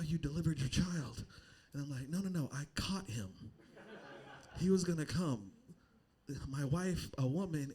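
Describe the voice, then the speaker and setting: A young adult man performing a standup comedy set on a club stage, telling a story and acting out the people in it. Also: mid-range voice. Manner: animated storytelling, acting out voices.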